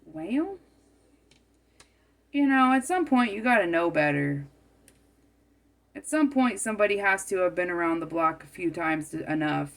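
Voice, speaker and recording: A woman's voice: fairly low pitch, expressive, a little slow, vocal fry, long pauses. A woman giving a tarot card reading, musing aloud and often repeating and rephrasing her phrases as she goes.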